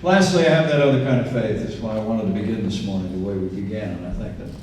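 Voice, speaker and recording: In a large indoor event venue, a man in his sixties from Indiana gives a campaign speech full of earnest stories and folksy asides. His lowish voice moves fast over a noisy background, picked up by a distant mic in an echoey hall.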